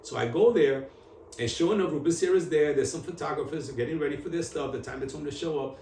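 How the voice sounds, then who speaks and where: A man telling his story on camera in an interview, in animated street slang with Spanish mixed in. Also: fairly high pitch, fast talker, far from the mic. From New York. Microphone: camera at a distance. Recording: echoey room, voice from off-mic, faint hum.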